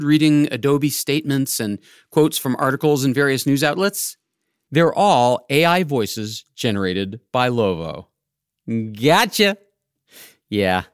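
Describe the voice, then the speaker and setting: A man's voice: mid-range voice, moderate pace, clear, resonant tone, no room sound, studio quality. A man hosting a podcast, narrating his script in a wry, playful way. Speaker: podcast host.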